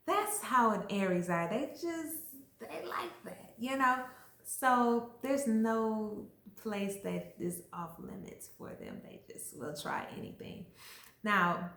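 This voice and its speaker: A woman's voice: a little high, lively intonation, slow, creaky, a bit bright. A woman vlogger explaining astrology in a casual, emphatic, chatty way. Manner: chatty, emphatic, acts out little quoted voices. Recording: echoey room.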